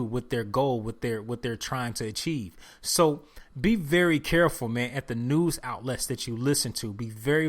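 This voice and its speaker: A man hosting his own podcast, talking alone in casual slang and preaching to his listeners, repeating his points for emphasis. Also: mid-range voice. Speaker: podcast host. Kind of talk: solo podcast monologue.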